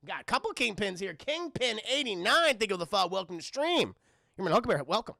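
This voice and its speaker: A young man recapping a cartoon episode for his live chat, excitable and profane, breaking into voices for the characters. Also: sits high, fast talker, gravelly, faint music behind. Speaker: streamer reviewing a cartoon.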